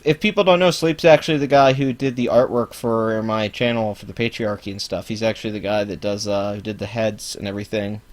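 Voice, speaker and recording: A man hosting a live-stream reaction, ranting sarcastically with heavy swearing. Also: lowish voice. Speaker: channel host.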